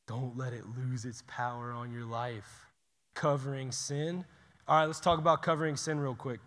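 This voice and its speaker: A man preaching a sermon in a casual, conversational way, swinging from loud urgent bursts to hushed near-whispers. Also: mid-range voice, flat delivery, normal speed, long reverb tail. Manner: casual and conversational, says "y'all" and "dude".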